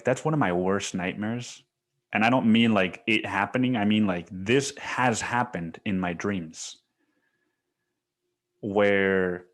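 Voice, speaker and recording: A young man hosting a podcast, talking alone in a rambling, profane, casual way and saying "dude" often. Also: lowish voice. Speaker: podcast host. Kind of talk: casual solo monologue.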